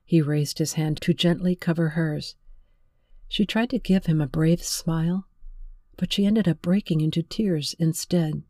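A woman reading a romance novel aloud in measured, emotive scripted narration. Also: low-pitched, dark tone, no echo, clean studio sound. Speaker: audiobook narrator.

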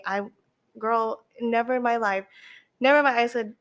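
A woman's voice: a little high, moderate pace, long pauses. Chatty young woman sharing candidly. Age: young adult. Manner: animated, many fillers and swears. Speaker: podcast guest. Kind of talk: candid casual chat.

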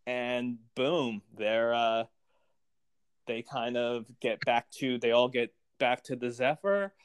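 Smooth-voiced man recapping a TV episode. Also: medium pitch, slow, dry recording, clean studio sound. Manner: animated, acts out characters' lines. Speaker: podcast co-host. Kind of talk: casual TV recap chat.

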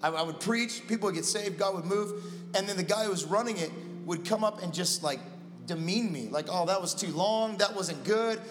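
High-voiced man preaching over music. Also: fairly quick, in a large hall. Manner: storytelling, acting out dialogue with God. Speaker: pastor. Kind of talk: sermon. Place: church.

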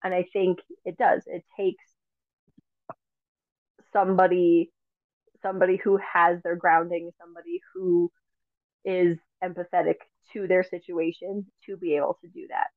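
A woman's voice: on the low side, level tone, normal speed, long pauses, dry recording. A woman hosting a podcast, talking in an earnest, reflective way with plenty of casual fillers. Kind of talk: casual conversation. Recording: tinny phone-like line, dry.

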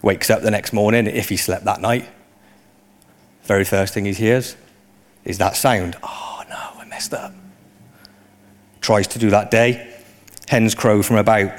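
A man preaching a sermon in a conversational way, often rising into animated emphasis. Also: fairly low pitch.

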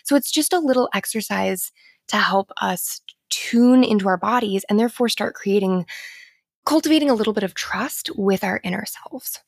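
A young adult woman, a therapist guest on a podcast, explaining things in casual conversation and often dropping her voice to a soft near-whisper. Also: medium pitch, moderate pace, creaky, no echo, clean studio sound.

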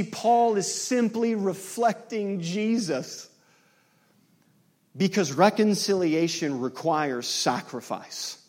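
Impassioned male preacher with a lively voice. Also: a little high. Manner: impassioned preaching, building to loud climaxes; storytelling with acted-out dialogue. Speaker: pastor. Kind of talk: sermon.

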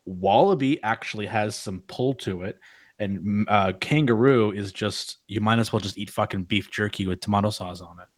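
A man's voice: on the low side, normal speed. A young man, chatting casually on a podcast, blunt and swearing freely while he reads out bits from articles. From Australia. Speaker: podcast host. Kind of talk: casual chat.

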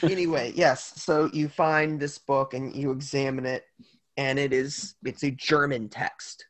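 A man's voice: medium pitch, level tone, measured pace, a bit bright. A man narrating as game master of a tabletop game, loose and full of fillers.

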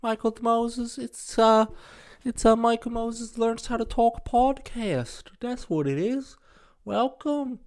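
A man doing a chirpy, posh Englishman on a solo podcast, with a mock English accent and a bouncy tone. The voice sits high above his usual range and hams up every line for laughs. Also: takes it slowly, heavily acted. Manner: high, chirpy, over-the-top put-on. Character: posh Englishman ordering in broken Spanish.

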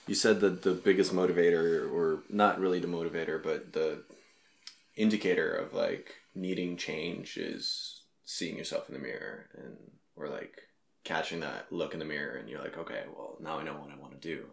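Low-voiced laid-back man chatting. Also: steady tone, moderate pace, vocal fry, roomy sound, a little hiss or hum. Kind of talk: casual chat.

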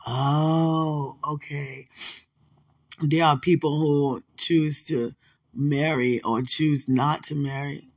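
A woman's voice: low voice, steady tone, slow pace. A woman leading an emotional live prayer session, often tearful, sighing and laughing as she prays and calls her listener sweetheart. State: crying.

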